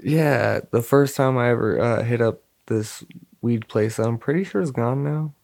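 A young man telling stories in a relaxed, rambling way, full of slang and swearing. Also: medium pitch, unhurried, vocal fry. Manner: laid-back, rambling storyteller with lots of slang and swearing. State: dry mouth, slightly hoarse. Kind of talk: casual chat.

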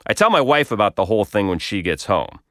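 Wry low-voiced male storyteller. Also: sing-song, fast, a bit bright, no room sound. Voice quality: wry, dry humor. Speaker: blogger telling his own story. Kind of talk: scripted narration.

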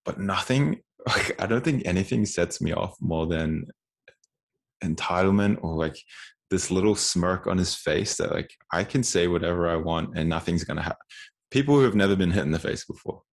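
Gravelly low-voiced man in his twenties. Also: moderate pace. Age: 20s. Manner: candid, repeats words while telling stories. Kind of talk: casual conversational storytelling.

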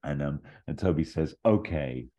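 A man casually pitching a comedic fan script, rambling with hesitations and giggles. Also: fairly even intonation, normal speed, dark tone.

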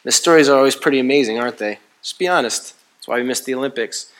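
A preacher delivers a sermon, his storytelling playful and comic. He swings from loud and quick to slow and hushed, and his voice sits on the higher side for a man. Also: fairly even intonation. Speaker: pastor. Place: church.

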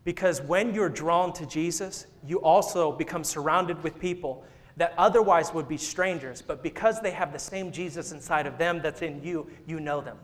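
A man's voice: a little high, moderate pace. A man in his thirties, a pastor preaching a sermon in church, telling a story and joking with the congregation. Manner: playful, jokes and laughs with the congregation. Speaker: senior associate pastor. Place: church sanctuary.

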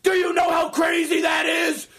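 A man doing a yelling drunk buddy. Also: very high-pitched, normal speed, vocal fry, a faint crowd, pitched above the performer's own voice, full character voice. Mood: drunk shouting. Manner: shouting, excitable. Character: loud drunk man in his thirties yelling.

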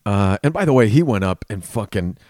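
Lower-voiced man telling stories, dry sound. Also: brisk, no echo. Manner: animated storyteller, swears freely. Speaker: comedian guest. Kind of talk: casual podcast chat.

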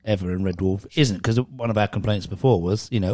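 A man's voice: fairly low pitch, a little fast, dry recording, clean studio sound. A man hosting a casual podcast chat, joking and laughing often. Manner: jokey, laughs often, lively. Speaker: podcast host.

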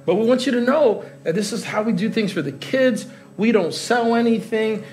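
A middle-aged male pastor preaching a live sermon in a large church hall, with a fairly high voice. He talks to the congregation in a loose, joking way and laughs along with them. Faint music plays beneath his words. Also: expressive, normal speed, darkish tone.

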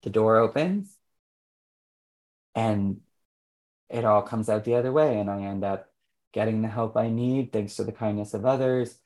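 A man, an author and interview guest, speaking candidly and reflectively, often pausing and restarting his sentences. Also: on the low side, a little mellow. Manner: reflective and halting, with frequent restarts.

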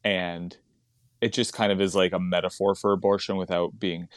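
A man's voice: deep voice, level tone, moderate pace, dry recording, studio quality. A man who does stand-up comedy, chatting casually on a podcast, rambling and laughing often as he digresses.

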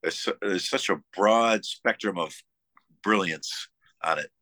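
A man from Buffalo, New York way, appears as a musician guest in a casual interview and enthusiastically spins stories despite frequent fillers and restarts. He speaks unhurriedly in a low, bright, forceful voice, recorded dry.

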